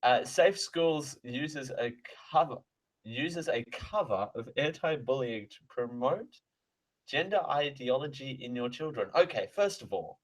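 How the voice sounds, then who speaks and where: A man's voice: medium pitch, expressive, measured pace, poor audio. Rambling radio host, man. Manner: rambling, self-correcting, sarcastic asides. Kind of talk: live radio talk, reading mail aloud. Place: radio studio. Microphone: close studio microphone.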